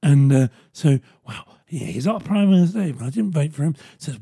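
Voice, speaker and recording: A man's voice: on the high side, lively intonation, normal speed, gravelly, mellow, husky. A man hosting his own podcast in a rambling, sardonic monologue, swearing freely. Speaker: podcast host. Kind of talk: casual solo podcast monologue.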